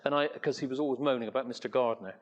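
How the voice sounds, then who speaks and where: An older man from England tells a long personal story to a live audience. He rambles, with plenty of fillers, restarts and asides, at a middle pitch. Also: very fast, highs cut off. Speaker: entrepreneur speaker. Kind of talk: anecdotal talk to an audience.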